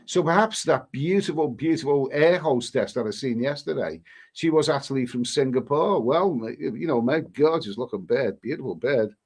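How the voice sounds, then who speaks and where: Hosting a laid-back live stream, this travel vlogger reads out viewer comments and fires back cheeky replies, frequently starting over. He speaks at medium pitch and a moderate pace, with lively intonation and a slightly mellow, breathy quality.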